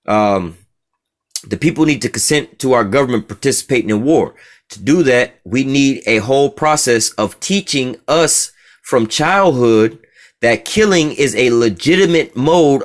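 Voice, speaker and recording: A man giving a street-style religious lecture, reading a passage aloud and commenting on it bluntly, with profanity and frequent asides to his listeners. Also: medium pitch. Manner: blunt, profane and heated, with frequent "you see what I'm saying" asides; repeats and restarts words while driving his point. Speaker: religious teacher.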